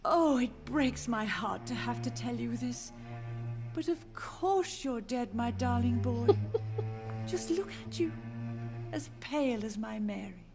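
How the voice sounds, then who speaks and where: A frail old mother speaks in a rather high, lilting voice that rises and falls widely. She sounds gentle and dreamy, lost between tenderness and grief. Loud game music plays underneath. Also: lively intonation, takes it slowly. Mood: confused, tender. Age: older. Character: frail confused elderly mother, grieving and wandering in mind.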